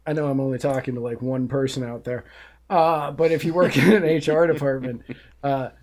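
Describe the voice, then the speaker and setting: A man's voice: medium pitch, fairly even intonation, brisk, darkish tone. A man co-hosting a podcast, chatting casually about the news and laughing often. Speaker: podcast co-host. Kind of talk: casual political banter.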